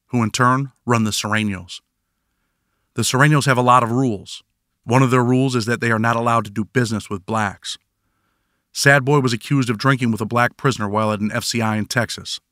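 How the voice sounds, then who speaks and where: A man's voice: medium pitch, pushed and bright, no room sound. A man narrating his own prison memoir in first person, with dry, wry storytelling.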